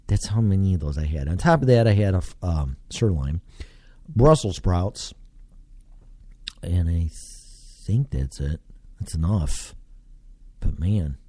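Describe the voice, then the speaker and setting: A man's voice: deep voice, lively intonation, measured pace, long pauses, warm tone, slightly rough, dry recording, clean studio sound. An American man hosting a solo podcast, talking casually and rambling with many fillers. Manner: casual, digressive, lots of fillers. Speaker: podcast host.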